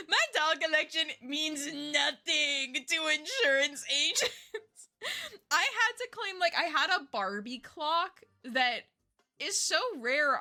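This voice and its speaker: A woman's voice: sits high, bright, forceful tone. A woman streamer in casual chat who laughs often and swears casually.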